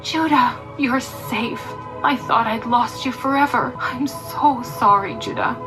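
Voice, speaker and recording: A woman's voice: fairly high pitch, takes it slowly. A woman voicing a remorseful middle-aged mother who speaks apologetically through tears. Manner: apologetic, tearful. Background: background music.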